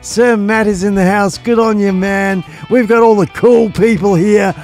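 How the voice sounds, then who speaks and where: An Australian man hosting a live stream, shouting greetings and thanking viewers with exuberant energy. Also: high voice, steady tone, measured pace. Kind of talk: excited live stream chat. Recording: music playing behind.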